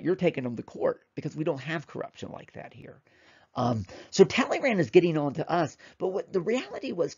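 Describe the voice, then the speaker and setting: Gravelly-voiced male history lecturer. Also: fairly high pitch, darkish tone, highs cut off. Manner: conversational, emphatic, many fillers and repeats. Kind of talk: informal classroom lecture.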